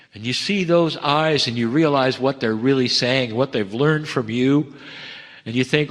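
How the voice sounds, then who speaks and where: A man speaks a channeled spiritual message at a middle pitch, unhurried and heartfelt, breaking his thoughts into short phrases. He lifts some lines with emphasis and sinks others to a near hush. His voice carries a long hall reverb. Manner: swings between raised emphatic lines and hushed low ones.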